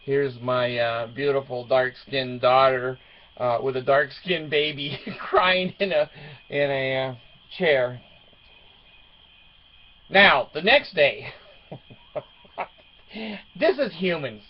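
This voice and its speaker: A man's voice: mid-range voice, slow, pauses often, lo-fi sound. An older man telling a rambling, joking story in a casual monologue, laughing often. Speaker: vlogger.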